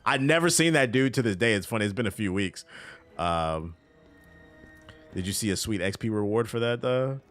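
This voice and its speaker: Male streamer, casual and profane chatter over gameplay, very lively pitch. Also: normal speed, soft background music. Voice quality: profane, loose and animated. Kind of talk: casual chat while gaming on stream.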